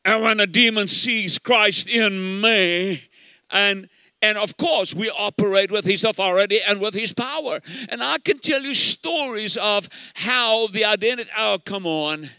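Bright, high-voiced older male preacher. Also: a little slow, clean tone, no echo. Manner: emphatic preaching, repeats words for stress. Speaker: pastor. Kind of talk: sermon.

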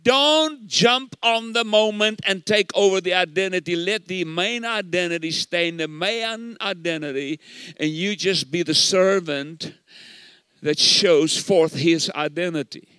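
A man's voice: sits high, measured pace, sharp tone, clean tone, no room sound. An older man preaching a sermon as pastor, emphatic and repeating words for stress.

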